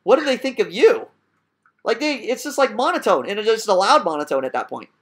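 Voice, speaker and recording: A man with a high voice argues his points in a casual podcast chat. He talks emphatically and builds his case with repeated phrases. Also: sing-song, brisk, slight background noise. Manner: emphatic and argumentative. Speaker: podcast host. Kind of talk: casual discussion.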